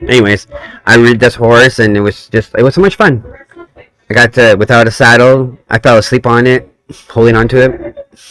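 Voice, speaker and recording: A man's voice: mid-range voice, little pitch movement, moderate pace, fairly bright tone, no room sound. A man chatting casually as co-host, telling a story and making playful, teasing remarks. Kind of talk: casual chat.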